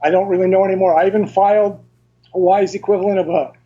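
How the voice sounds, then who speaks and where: A man as an interview guest, explaining things carefully and in detail, with halting restarts, over dull lo-fi remote audio. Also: high voice, fairly even intonation, husky.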